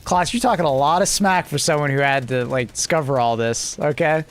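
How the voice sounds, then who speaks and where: A male livestreamer with a fairly high, fairly quick voice chats casually with his viewers. He banters loosely, laughing and cursing often.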